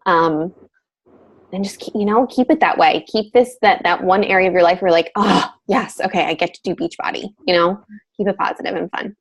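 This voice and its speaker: A woman's voice: on the low side, brisk, slightly rough, rough recording. Gushing upbeat woman coach. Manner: gushing, upbeat, filler-heavy. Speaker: fitness team coach. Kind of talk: casual group video call.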